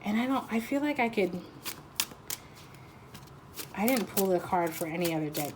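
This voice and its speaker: A woman's voice: medium pitch, expressive, normal speed, long pauses, background noise. A woman giving a casual pick-a-card tarot reading, rambling and teasing, often breaking into laughter.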